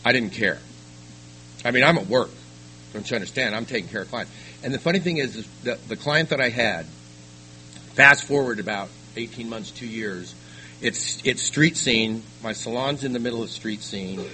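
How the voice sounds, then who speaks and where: An older man giving a personal testimony at a recovery meeting, telling his story haltingly with frequent restarts. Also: medium pitch, bright, forceful tone, a little hiss or hum, rough recording. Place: meeting room.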